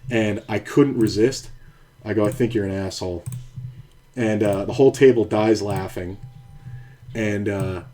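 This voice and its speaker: A man with a lowish, warm, relaxed voice tells a long story while he plays, rambling and swearing freely. Faint noise sits under his speech. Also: unhurried, pauses often. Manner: rambling, profane, restarts sentences. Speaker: poker streamer and former card dealer. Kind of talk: casual storytelling while playing.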